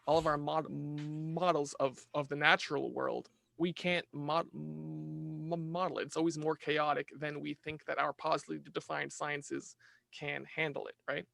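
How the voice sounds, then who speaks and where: A man talking as a podcast guest in casual conversation, animated, restarting his sentences and asking "right?" often. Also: fairly high pitch, normal speed, creaky, dry recording.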